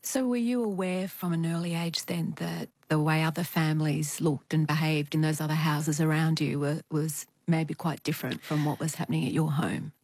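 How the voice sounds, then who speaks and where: Low-voiced woman interviewer. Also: fairly even intonation, moderate pace, hardly any pauses, no echo. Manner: gentle, probing questions. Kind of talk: interview questions.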